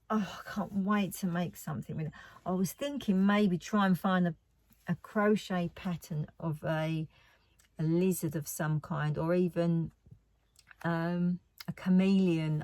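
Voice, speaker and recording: A woman's voice: on the low side, fairly even intonation, unhurried, a little mellow, no room sound. A woman chatting casually about her craft haul. She rambles and often drops to a near whisper. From United Kingdom. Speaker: craft vlogger.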